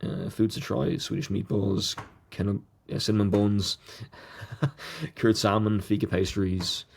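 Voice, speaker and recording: A man with a low, gravelly voice hosts a solo podcast. He reads through his list item by item and stumbles over unfamiliar words, adding small asides as he goes. His tone is dark and mellow. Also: flat delivery, slow pace. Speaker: podcast host. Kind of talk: solo podcast reading notes aloud.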